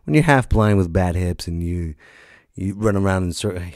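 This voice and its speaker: Lively low-voiced man, animated comic storyteller. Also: normal speed, no room sound, clean studio sound. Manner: animated storyteller, bursts into loud high put-on voices. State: recovering from being sick. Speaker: comedian and podcast host. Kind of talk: comedic podcast monologue.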